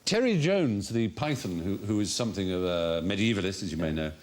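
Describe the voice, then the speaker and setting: A man's voice: low-pitched, lively intonation, a little fast, darkish tone. A British man hosting a quiz panel, busting a popular myth with emphatic explanation. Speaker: quiz show host.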